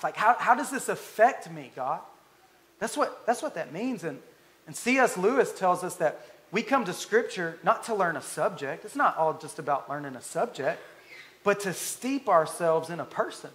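A man's voice: high voice, a bit bright. A man preaching a sermon, earnest and emphatic, building his points through repeated phrases. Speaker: pastor.

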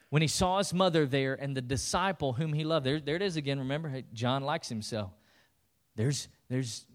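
A man preaching a sermon in a conversational way, now and then rising to emphatic bursts. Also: a little high. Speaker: pastor.

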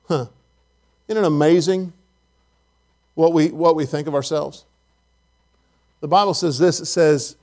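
Male preacher, high voice, emphatic, repeats lines, questions the congregation, sermon in a church auditorium. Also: a little mellow.

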